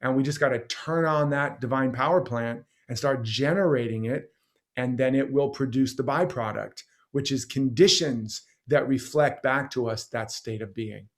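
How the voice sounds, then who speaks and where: A man's voice: mid-range voice, normal speed. A man being interviewed as a guest teacher, talking passionately and rambling through stories and examples. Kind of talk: conversational interview.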